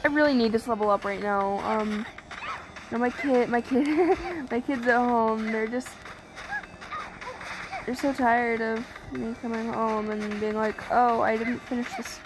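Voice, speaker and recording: High, chatty woman gaming streamer. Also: measured pace, background noise. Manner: excitable, chatty, swears and jokes at game characters. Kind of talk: casual let's-play commentary. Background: game music.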